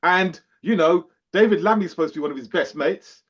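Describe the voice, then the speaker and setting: Speaking a little fast in a high-sitting voice, this podcast co-host keeps the casual chat lively, laughing and performing quotes. The audio comes across dull and lo-fi.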